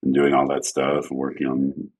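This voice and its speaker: A man telling casual stories as a guest photographer, acting out quotes in an animated way. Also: normal speed, slightly rough. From France. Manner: animated, acts out quotes with shifting pitch. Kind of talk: casual storytelling.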